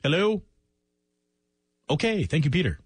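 A man hosting a sports radio show, running through scores in a brisk, joking, chatty way and taking calls in a studio. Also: on the high side, very animated, husky, no echo.

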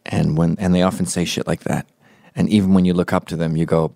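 Low, gravelly and dark, his voice barely moves in pitch as he talks fast. He's a man in his forties performing a foul-mouthed, opinionated comedy podcast monologue, acting out other people's voices mid-story.

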